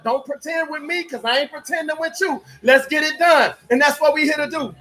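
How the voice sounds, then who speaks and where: A man giving motivational life coaching in a fervent, preacher-like way, often shouting and repeating rhetorical questions. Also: extremely high pitch, fairly quick, hardly any pauses, soft background music. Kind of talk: motivational coaching live stream.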